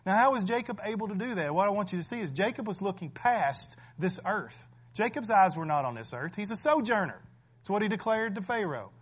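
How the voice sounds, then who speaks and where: A man's voice: high voice, very animated, fairly quick, slightly rough. A man preaching a sermon as pastor, emphatic and conversational, often checking in with his listeners. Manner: emphatic, keeps asking "right?", laughs between points.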